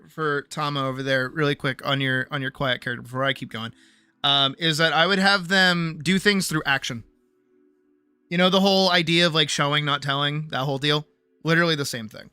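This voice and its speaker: Sharp-toned streamer woman, animated and sweary. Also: low voice, clean tone, no echo. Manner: animated, swears freely, keeps asking "right?". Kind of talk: casual livestream chat about character writing.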